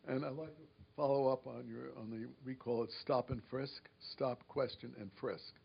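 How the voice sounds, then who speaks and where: A man asking a follow-up question at a public discussion, speaking in a measured, halting way with many restarts. The recording is dull and lo-fi with a faint rumble. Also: fairly even intonation, vocal fry, slightly rough. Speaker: audience questioner, senior advisor.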